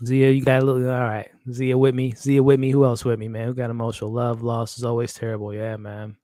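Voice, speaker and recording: Young adult male stream host, casual slangy chat, emotional, mid pitch, dry close sound. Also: flat delivery, fast talker, dark tone, no room sound. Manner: emotional, talks to chat and his dog, slangy. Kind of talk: casual live watch-along chat.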